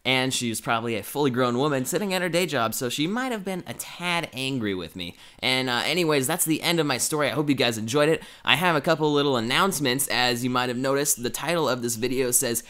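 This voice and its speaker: Young male gaming host, bright voice, casual animated storytelling with acted-out voices. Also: fast, hardly any pauses. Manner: animated, acts out quoted voices with big pitch jumps.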